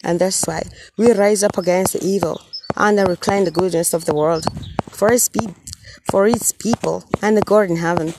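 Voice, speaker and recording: A solemn, tender God addressing his children, as a woman channels him in her own lowish voice. The delivery is earnest and halting, looping back on its phrases. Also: steady tone, noisy background, lightly acted. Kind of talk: channelled message, spoken as God.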